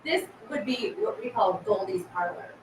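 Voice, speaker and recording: A woman's voice: medium pitch, expressive, moderate pace, background noise. A woman co-owning a haunted house, chatting casually on a live stream, laughing easily. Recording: echoey room, far from mic.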